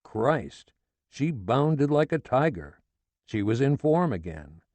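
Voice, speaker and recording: A man's voice: medium pitch, big pitch swings, slow, darkish tone, no room sound. A man narrating a novel in the first person, with a sardonic, coarse-edged delivery. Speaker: audiobook narrator. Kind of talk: scripted literary narration.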